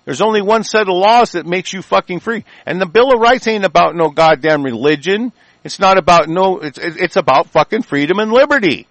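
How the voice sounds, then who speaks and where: A man's voice: high-pitched, lively intonation, fairly quick, a bit bright, dry recording, low-quality recording. A man delivering a profane, rambling, emphatic political rant.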